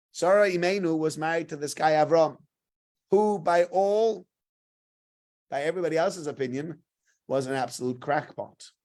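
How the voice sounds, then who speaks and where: A man teaches a weekly Torah portion class. He tells the story in a lively, animated way and drops in Hebrew and Yiddish terms. His voice sits a little high for a man.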